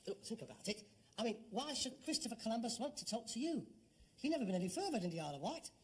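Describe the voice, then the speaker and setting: A scornful sarcastic son. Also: male voice, very high-pitched, big pitch swings, quick pace, slight background noise. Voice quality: mocking, exasperated. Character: sarcastic grown son, scornful, quick-witted. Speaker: actor in sitcom. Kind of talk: 1970s sitcom acting.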